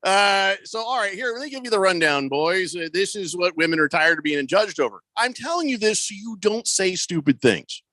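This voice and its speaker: A male radio host talking in a bright, forceful voice. He banters casually and gives mock-serious, authoritative advice to his listeners. The studio sound is close and dry. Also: high-pitched, lively intonation, normal speed, hardly any pauses, no room sound.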